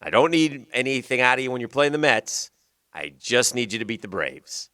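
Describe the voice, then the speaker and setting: Southern us sports radio guy rambling on air, bright forceful voice, dead dry studio. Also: very animated, normal speed, clear, resonant tone, no echo. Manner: rambling, drops to a low mutter. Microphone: studio microphone.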